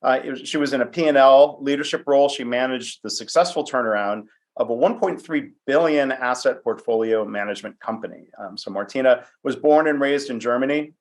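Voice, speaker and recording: A man's voice: mid-range voice, brisk, few pauses. Chatty male podcast host. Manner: chatty, self-deprecating, many fillers. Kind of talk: conversational interview.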